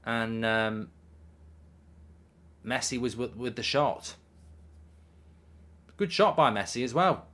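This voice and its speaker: A man's voice: medium pitch, expressive, takes it slowly, pauses often, fairly bright tone. A man casually chatting on a live stream, reading out viewer messages with plenty of ums. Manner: chatty, reads chat messages aloud, frequent ums. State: hiccups. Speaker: watchalong streamer.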